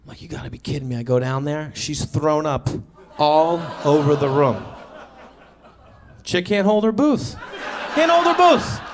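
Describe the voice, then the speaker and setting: Male stand-up comic, thirties, slightly high voice, lively storyteller, faint noise behind. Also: unhurried, pauses often. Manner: animated storytelling with sudden high-pitched acted quotes. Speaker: stand-up comedian. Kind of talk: stand-up comedy set. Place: comedy stage before a live audience.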